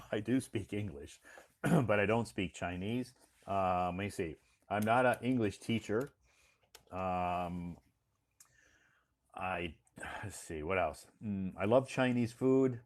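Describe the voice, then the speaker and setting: Deep-voiced American man, slow and patient. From United States. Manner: slow, patient, repeats words for learners. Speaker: live stream host and English teacher. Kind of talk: casual live stream chat. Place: home in Beijing.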